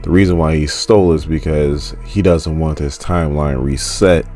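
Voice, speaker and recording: A man's voice: a bass voice, steady tone, normal speed, dark tone, faint music behind. A man casually recapping a comic book story, chatty and laughing often as he loosely retells the characters' lines.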